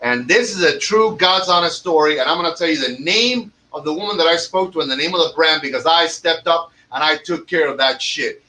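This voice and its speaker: A man's voice: fairly high pitch, brisk, hardly any pauses, pushed and bright, rough recording. A man who owns a cigar lounge, telling stories in a profane, emphatic podcast rant. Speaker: cigar lounge owner and tobacconist.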